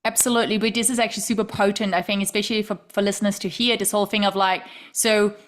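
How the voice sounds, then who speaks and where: A woman hosting a relaxed interview chat, animated and laughing easily as she acts out what people said. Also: medium pitch, fast talker. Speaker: podcast host and yoga teacher.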